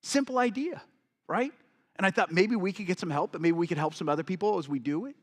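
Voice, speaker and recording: Male keynote speaker, storyteller type, slightly high voice, long reverb of a large hall. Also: fast. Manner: storytelling, acts out quoted voices, addresses audience. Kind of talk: motivational keynote talk. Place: large event hall with audience.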